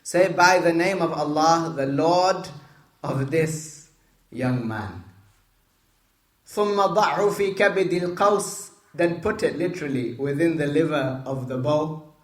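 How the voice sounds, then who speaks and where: A man's voice: a little high, brisk. A man retelling a hadith story to listeners, repeating phrases, explaining Arabic terms and asking them questions as he goes. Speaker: religious storyteller. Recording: roomy echo.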